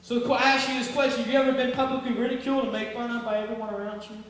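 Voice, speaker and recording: A man preaching a sermon to his church, emphatic and full of rhetorical questions, swinging between loud peaks and hushed stretches. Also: very high-pitched, flat delivery, very fast. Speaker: pastor. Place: church sanctuary. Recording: echoey hall from far off, faint noise.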